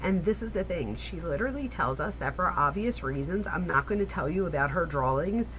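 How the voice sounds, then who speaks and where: A woman's voice: lowish voice, expressive, brisk, fairly bright tone, a little hiss or hum, poor audio. A woman commentating on a true crime interview, talking straight to her viewers in a chatty, analytical way. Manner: chatty, addresses viewers directly, analytical asides. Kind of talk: casual reaction commentary.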